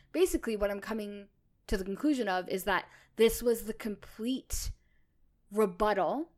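Enthusiastic woman podcast co-host. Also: medium pitch. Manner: enthusiastic, thinks out loud. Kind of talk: casual podcast discussion.

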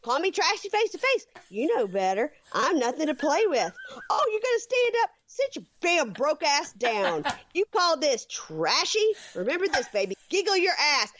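A woman's voice: sits high, big pitch swings, normal speed, fairly bright tone, no echo, voice pushed up. A woman imitating a brash, furious woman hurling profane taunts. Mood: furious taunting. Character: brash, trash-talking furious woman ranting.

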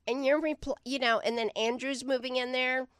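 A woman hosting a casual talk, loud and joking, swearing freely. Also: high voice, steady tone, normal speed, clean tone, no echo, studio quality. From Scotch-Irish heritage, US. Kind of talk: casual banter.

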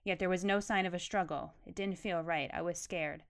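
A woman reading aloud as a guilt-ridden, haunted grown man, quiet and heavy. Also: lowish voice, steady tone, brisk, close to an everyday voice. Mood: remorseful.

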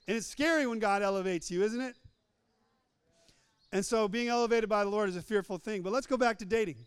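A man's voice: high-pitched, a little fast, clean tone, no echo. A man preaching a humorous sermon, repeating phrases for emphasis and acting out little scenes in different voices.

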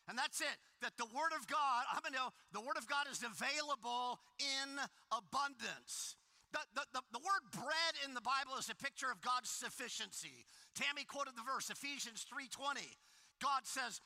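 A man preaching a sermon in a casual, animated way, full of fillers and questions to the congregation. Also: very high voice, normal speed, gravelly. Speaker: pastor. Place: church hall. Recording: long hall reverb.

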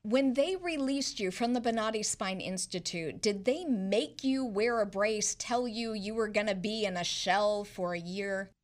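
A woman's voice: medium pitch, a little slow, few pauses. A woman hosting a program, interviewing a guest and emphatically cutting in with facts and figures. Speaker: radio program host.

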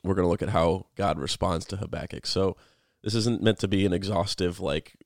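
A man in his thirties co-hosting a podcast, explaining a Bible book in a relaxed, rambling way. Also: low voice, fairly quick, vocal fry, no echo, clean studio sound. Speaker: podcast co-host. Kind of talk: casual Bible study chat.

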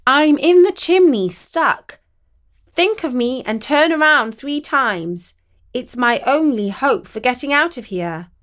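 A woman's voice: high-pitched, lively intonation, slow pace, fairly bright tone, pitched above the performer's own voice, heavily acted. A woman voicing a plucky, earnest young girl, speaking with eager earnestness. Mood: pleading.

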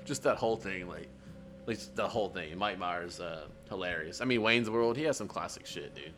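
A man's voice: low voice, normal speed, a bit bright, soft background music. A middle-aged man co-hosting a podcast, chatting casually, laughing often and rambling. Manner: laughs often, rambling, says dude a lot. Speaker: podcast co-host. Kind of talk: casual chat.

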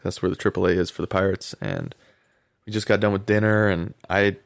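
Deep gravelly-voiced man telling a story. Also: a little fast, no room sound, clean studio sound. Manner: animated anecdote, acts out quotes, laughs often. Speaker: guest, former pro baseball player. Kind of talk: storytelling in a podcast interview.

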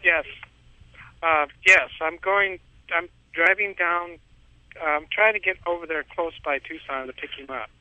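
A man's voice: a little high, unhurried, no room sound. A man calling in to a show, telling a story in a rambling way and repeating his words. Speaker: caller. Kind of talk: casual phone-in storytelling. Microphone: telephone. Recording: tinny phone line, dry.

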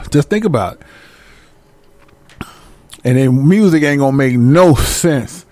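A man delivering an animated, profane comedic rant, laughing between lines. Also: medium pitch, slow pace.

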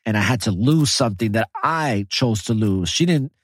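A man in casual podcast conversation, retelling a film with animated, profane emphasis. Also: lowish voice, normal speed, breathy edge.

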